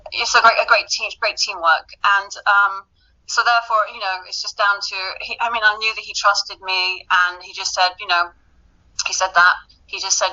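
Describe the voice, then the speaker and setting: A British woman talks in a casual interview, her voice very bright and forward. She rambles warmly with lots of ums and little laughs. The recording sounds dull and lo-fi. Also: mid-range voice. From Britain. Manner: chatty, laughing often, many fillers and restarts. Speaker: actress being interviewed.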